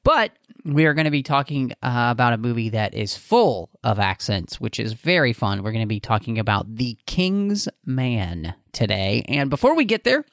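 A man's voice: mid-range voice, very animated, moderate pace, hardly any pauses, fairly bright tone, no room sound, clean studio sound. A man hosting a podcast in a casual, chatty way, with frequent fillers as he reads plugs and reminders. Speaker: podcast host.

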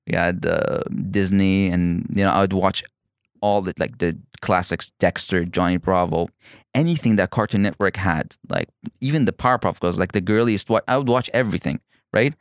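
A man from the Emirates with a fairly low voice talks loosely and playfully, breaking off and restarting his sentences as he goes. The recording is dry and close. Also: normal speed, smooth, no room sound. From United Arab Emirates. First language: Evazi Persian. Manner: animated, restarts often, playful. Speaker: guest comedian. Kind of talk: casual interview chat.

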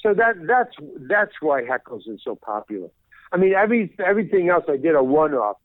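A man's voice: a little high, sing-song, brisk, no echo. Older male guest, casual rambling talk, tinny phone line. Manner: rambling, many restarts and repeated words. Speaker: guest actor. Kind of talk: casual interview chat.

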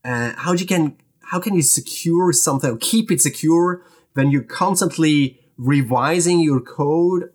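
Husky man chatting with frequent laughs. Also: fairly high pitch. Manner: laughs often, halting restarts. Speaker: conference organizer, guest. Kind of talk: casual podcast chat.

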